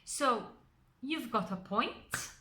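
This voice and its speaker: A woman's voice: a little high, lively intonation, slow pace, bright, forceful tone. A woman, teaching a recorded maths lesson step by step and stressing key words.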